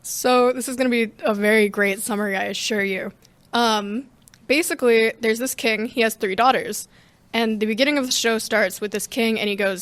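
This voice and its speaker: A woman's voice: on the high side, normal speed, dry recording. Slangy, rambling teenage girl. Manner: rambling, slangy, animated storytelling. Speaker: interview guest, student theater member. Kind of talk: casual interview chat.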